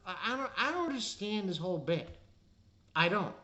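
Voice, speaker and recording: Exasperated woman ranting with swings in pitch. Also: big pitch swings, normal speed, bright, forceful tone, muffled recording. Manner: exasperated, ranting, swears freely. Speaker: anime reviewer. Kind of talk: casual review rant.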